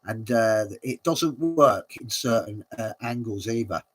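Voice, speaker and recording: A man's voice: fairly low pitch, animated, measured pace. A man hosting a watch-along, commenting casually and rambling with many fillers and frequent chuckles.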